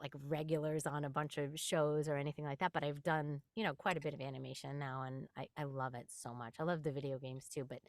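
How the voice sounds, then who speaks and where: A middle-aged woman from New York, a voice actress guest chatting in an interview, animated and quick to laugh while acting out quotes. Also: low voice, no room sound, studio quality. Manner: animated storyteller, laughs often, acts out quotes. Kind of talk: casual interview chat.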